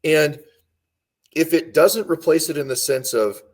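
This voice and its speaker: A man's voice: on the high side, measured pace, a little mellow. A man speaking as a guest on a podcast, arguing with passion and repeating key lines for emphasis. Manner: emphatic, repeats points for stress. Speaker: guest commentator. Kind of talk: impassioned podcast discussion.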